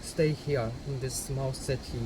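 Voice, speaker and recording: A man's voice: medium pitch, unhurried. A man answering interview questions in a casual, emphatic way, often laughing between his points. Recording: steady background noise.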